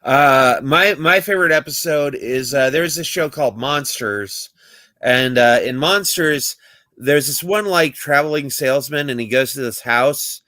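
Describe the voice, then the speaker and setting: Bright-voiced man in casual chat. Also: medium pitch, unhurried, dry recording. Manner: loose, chatty retelling with fillers. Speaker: podcast co-host.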